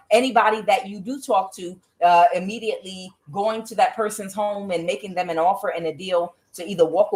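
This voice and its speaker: A woman hosting a tarot channel, talking in a blunt, profane, casual monologue full of fillers and laughs. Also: mid-range voice.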